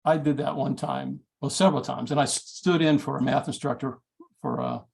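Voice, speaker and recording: A middle-aged man presenting a math study skills workshop in a folksy, animated way, acting out his exchanges with students. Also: mid-range voice, fairly quick, gravelly. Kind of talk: conference workshop talk.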